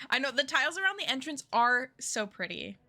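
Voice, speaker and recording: A woman's voice: sits high, big pitch swings, normal speed, bright, forceful tone. A woman giving casual, jokey commentary while streaming a game, chatty with rambling asides. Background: game music.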